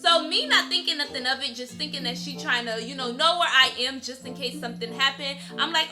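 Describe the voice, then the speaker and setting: Young woman, casual storytime vlog, slangy and animated, high pitched, faint background music. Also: a little fast, hardly any pauses. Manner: animated, slangy, chatty, addresses viewers as y'all. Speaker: vlogger.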